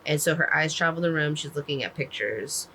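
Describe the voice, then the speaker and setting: A woman's voice: sits low, fairly quick, bright, forceful tone, slight background noise, low-quality recording. A woman casually recapping a book, rambling with lots of "like" fillers and the odd swear word. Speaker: book reviewer.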